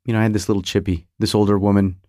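A man's voice: on the low side, little pitch movement, rapid-fire, mellow, no room sound, clean studio sound. A middle-aged American man hosting a podcast, telling a rambling, nostalgic story that keeps stopping and restarting as he searches his memory. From United States. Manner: nostalgic, self-interrupting, searches memory aloud. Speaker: podcast host. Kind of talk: rambling monologue.

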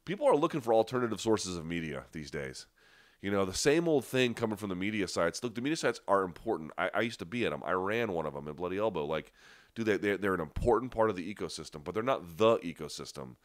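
Low-voiced man hosting a casual live chat. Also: expressive, quick pace, dry recording, clean studio sound. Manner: conversational, frequent restarts and fillers, emphatic asides. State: stuffy nose. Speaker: livestream host. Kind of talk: casual live chat answering viewer questions.

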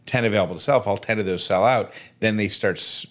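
Fast-talking and a bit bright despite a lowish voice, this thirtysomething podcast co-host jokes around in casual conversation. He's playful throughout and puts on a fake Australian accent.

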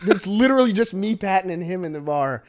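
A man with a high, bouncy voice trading stories on a comedy podcast. He laughs constantly and jumps in with enthusiastic reactions, his pitch rising and falling freely as he talks. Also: expressive, fast talker. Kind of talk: casual podcast chat.

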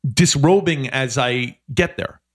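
A middle-aged man, a podcast guest, telling a story in a casual chat, animated and self-deprecating. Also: medium pitch, slow.

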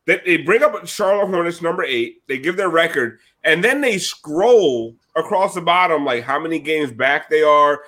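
A man's voice: fairly high pitch, animated, moderate pace, few pauses, bright, forceful tone. A man hosting a casual sports podcast who talks in a rambling, profane way. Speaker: host. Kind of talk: casual chat.

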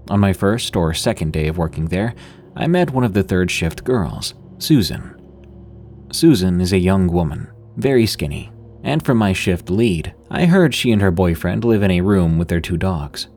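Low-voiced guy narrating a creepy story podcast, calm and even, faint music behind. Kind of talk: scripted first-person story narration.

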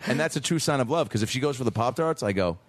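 A man's voice: mid-range voice, animated, fast. A man co-hosting a podcast, trading crude jokes and laughing often in casual banter.

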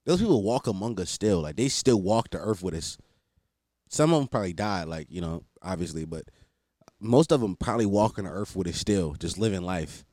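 A man's voice: low voice, expressive, a little fast, darkish tone, no room sound. Profane rambling young man, dry sound. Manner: profane, rambling, self-deprecating. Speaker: podcast host. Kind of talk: casual solo podcast rant.

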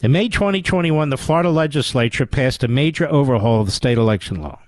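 A man's voice: mid-range voice, lively intonation, fast talker, darkish tone, no room sound. A man with a Philadelphia accent hosting a talk radio show, delivering a sarcastic, combative monologue.

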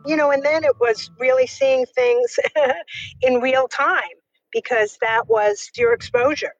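A woman's voice: high-pitched, takes it slowly, dull audio, faint music behind. A woman, a comedian, chatting in an interview in a jokey way. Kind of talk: casual interview.

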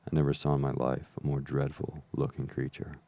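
A man reading an adventure novel aloud as an audiobook narrator, in measured, even storytelling. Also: a bass voice, creaky. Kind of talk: scripted narration.

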